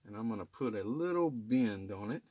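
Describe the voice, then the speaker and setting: A middle-aged HVAC technician films himself with a camera while cleaning a drain line in a residential attic, giving a casual how-to. His voice is fairly low, husky, and darkish, animated and a little fast, with no room sound. He is plain-spoken and often checks in with viewers by saying "okay?".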